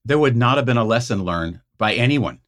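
A man's voice: medium pitch, lively intonation, a little fast, fairly bright tone. A middle-aged man who leads a youth ministry, telling a story in casual conversation and acting out the quoted dialogue. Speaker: ministry leader, podcast guest.

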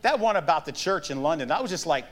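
High-pitched pastor guy, middle-aged, telling stories in his sermon, laughs a lot. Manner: storytelling, animated, quick asides with laughs.

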